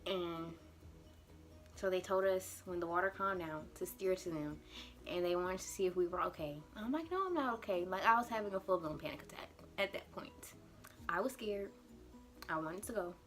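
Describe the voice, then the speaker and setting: A young woman vlogger telling a dramatic storytime to her camera, animated and acting out her own panic. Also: fairly low pitch, normal speed, pauses often, faint music behind. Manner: acts out her panicked past self in quotes. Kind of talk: storytime vlog.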